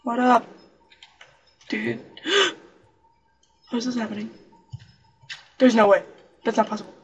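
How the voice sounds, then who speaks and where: A man's voice: extremely high pitch, a little slow, vocal fry, fairly bright tone, distant mic, lo-fi sound. Young male gamer, jokey running commentary, sits a bit back from a faintly noisy mic. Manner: rambling, jokey, talks to game characters. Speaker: let's play gamer. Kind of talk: casual game commentary.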